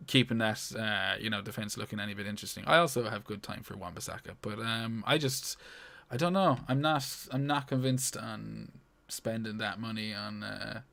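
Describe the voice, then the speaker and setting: A podcast co-host with a lowish, creaky voice and a sharp tone speaks at a normal speed. He's laid-back in casual chat, swears freely, and leans on plenty of fillers.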